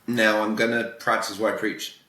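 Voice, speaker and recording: A man's voice: lowish voice, little pitch movement, normal speed, pushed and bright, far from the mic. A man with a British accent, a guest communication coach giving direct, emphatic advice in a podcast interview, often checking in with "all right?". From Britain. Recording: roomy echo, voice a bit off-mic.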